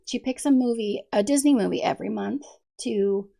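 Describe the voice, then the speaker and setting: A woman hosting a casual coloring video, chatty with frequent ums, her voice hoarse from allergies. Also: fairly high pitch, normal speed, warm tone. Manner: chatty, many ums, giggles often. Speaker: coloring channel host.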